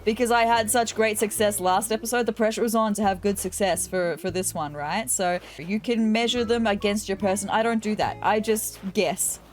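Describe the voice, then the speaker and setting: A woman's voice: mid-range voice, fairly even intonation, moderate pace, hardly any pauses. A woman hosting a let's-play, chatting casually and playfully through her game with wry asides. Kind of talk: casual game commentary, reading characters' lines aloud. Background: faint game music.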